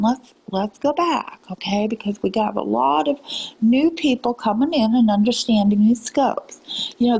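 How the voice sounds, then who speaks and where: A woman drawls in an exaggerated Southern accent as she scolds her live-stream viewers. She talks slowly, and her voice is husky. She calls her viewers ma'am and darling and slips into breathy half-whispers. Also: high voice, poor audio. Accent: put-on Southern US drawl. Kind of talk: lecturing live-stream rant.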